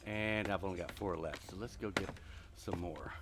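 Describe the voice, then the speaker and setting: A middle-aged man streaming a building game live while walking on a treadmill, out of breath, muttering counts to himself between loud chatty asides to his viewers. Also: low voice, moderate pace, very noisy. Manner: mutters block counts under his breath, then chats loudly to viewers. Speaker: gaming streamer.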